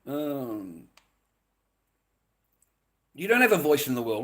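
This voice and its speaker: A man's voice: medium pitch, very animated, takes it slowly. A middle-aged man with an Australian accent, ranting in a sarcastic, mocking monologue full of swearing.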